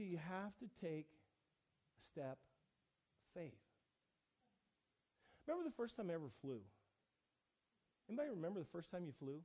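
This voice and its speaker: A middle-aged man preaching a storytelling sermon, animated and self-mocking, with many restarts and fillers. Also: high voice. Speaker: pastor. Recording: dull lo-fi recording.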